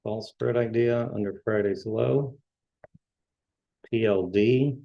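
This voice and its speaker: Slow gravelly man reviewing stock charts. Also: fairly low pitch, fairly even intonation, dry recording, highs cut off. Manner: halting, repeats words while scanning charts. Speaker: trading show host. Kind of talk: casual market commentary.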